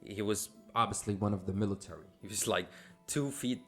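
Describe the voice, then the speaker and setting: A Syrian man hosts a podcast, casually telling a personal story with lots of fillers and restarts. His voice is on the low side, a bit bright and a little fast, over soft background music.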